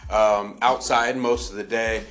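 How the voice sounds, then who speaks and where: A man's voice: lowish voice, steady tone, measured pace, a bit bright. A man hosting a casual podcast, easygoing and joking, throwing in short reactions. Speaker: podcast host.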